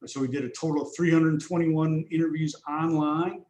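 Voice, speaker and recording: A man's voice: fairly high pitch, fairly even intonation, normal speed, darkish tone. A man presenting survey results on a video call webinar, walking through figures steadily with frequent fillers. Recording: roomy echo.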